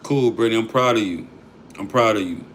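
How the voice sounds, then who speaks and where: A man's voice: on the low side, a little fast, a little hiss or hum. A man hosting a livestream, talking loosely and profanely to his chat in disbelief. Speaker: livestream host.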